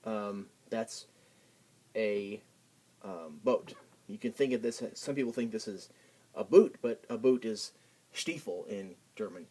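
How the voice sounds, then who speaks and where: A man giving a casual pronunciation lesson, halting with many ums and restarts. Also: on the low side, lively intonation, mellow, breathy edge. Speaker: language tutor.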